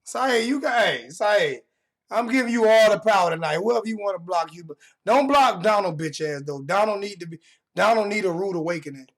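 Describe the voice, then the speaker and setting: High-voiced, animated and brisk, this young livestream host goes off on his chat from home. He's confrontational, hammering the same phrases again and again in a heated rant.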